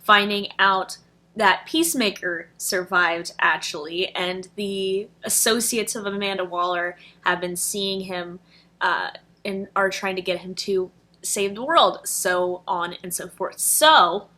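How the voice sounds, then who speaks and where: A woman's voice: mid-range voice, slow pace, pushed and bright. A young adult woman reviewing a film in casual chat, gushing and emotional, with many fillers.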